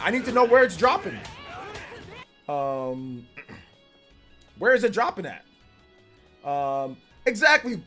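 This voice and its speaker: A man in his forties streaming live and reading chat, laid-back with bursts of animated teasing. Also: high-pitched, takes it slowly, pauses often. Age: 40s. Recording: faint music behind the voice.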